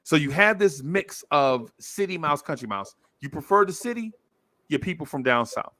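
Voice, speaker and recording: A man's fairly high-pitched voice carries an energetic story on a casual podcast, moving at an ordinary speed. He acts out how the people in it sounded and leans on repetition for emphasis.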